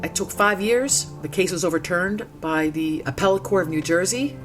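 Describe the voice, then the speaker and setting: A woman's voice: on the low side, moderate pace, faint music behind. A woman in her sixties, from the United States, telling her own story in an interview in an earnest, emphatic, heartfelt way. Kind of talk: personal testimony in conversation.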